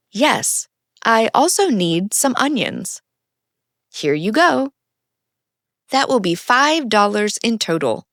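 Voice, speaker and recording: Slow, lively-pitched woman teaching English. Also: no room sound, clean studio sound. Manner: plain, simple sentences with acted example dialogues. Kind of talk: slow scripted lesson narration.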